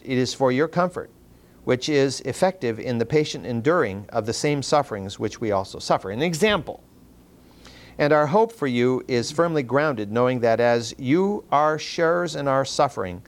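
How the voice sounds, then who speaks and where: A man preaching a sermon, animated, often climbing high in pitch for emphasis and repeating words as he restarts phrases. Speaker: pastor.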